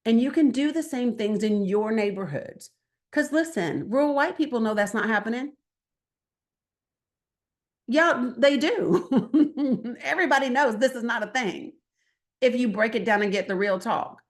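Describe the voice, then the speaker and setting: A woman speaking as a guest at a political training workshop, talking to a room in an animated, conversational way, asking the audience questions and acting out bits of dialogue. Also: a little high, measured pace. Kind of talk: lively workshop talk to an audience.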